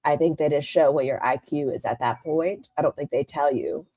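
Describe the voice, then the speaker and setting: A woman's voice: low-pitched, normal speed, dark tone, slightly rough, no echo, lo-fi sound. A woman hosting a live stream, giving blunt, sarcastic reaction commentary and swearing freely.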